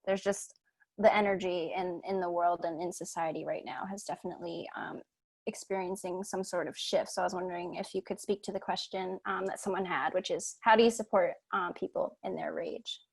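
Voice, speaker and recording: A woman co-hosting a video blog, introducing the question in a hesitant, soft-spoken way with many pauses. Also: lowish voice, steady tone, gravelly, husky. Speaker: co-host.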